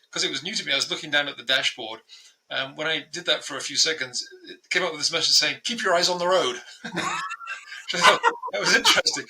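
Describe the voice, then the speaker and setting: A man hosting a casual conversation, who explains his points lively and with everyday examples. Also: a little high, creaky, noisy background. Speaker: host.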